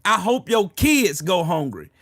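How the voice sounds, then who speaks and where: A man's voice: high voice, sing-song, a little slow, a bit bright, no room sound, clean studio sound. A man hosting a livestream, delivering a heated, profane political rant and answering chat comments. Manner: profane, heated, repetitive ranting. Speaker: livestream host.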